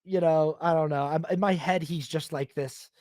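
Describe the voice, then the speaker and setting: A man hosting a casual film podcast, animated and often acting out characters in silly quoted voices. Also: a little high, moderate pace, no echo, studio quality. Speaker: podcast host.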